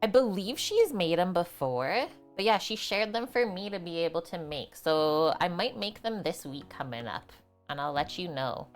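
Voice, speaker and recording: Speaking at normal speed, a young woman who is half French swings widely in pitch from a fairly low base while soft music plays. She chats casually on a cooking livestream, preparing food in her home kitchen and responding to the chat.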